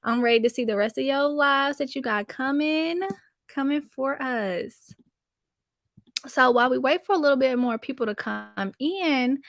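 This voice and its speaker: A woman's voice: a little high, fairly bright tone, no room sound, studio quality. A woman hosting a casual live-stream commentary, chatting with her viewers and greeting them by name. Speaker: commentary channel host.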